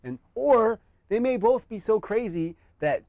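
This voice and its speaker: Chatty man with a slightly high voice. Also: expressive, a little slow, warm tone, no room sound. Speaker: podcast co-host. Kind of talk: casual MMA podcast chat.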